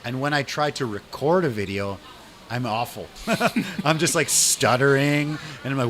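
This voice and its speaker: A man's voice: mid-range voice, normal speed, a bit bright, a little hiss or hum. Laid-back, enthusiastic male podcast host. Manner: laid-back, enthusiastic, stammers and repeats words. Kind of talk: casual chat. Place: restaurant.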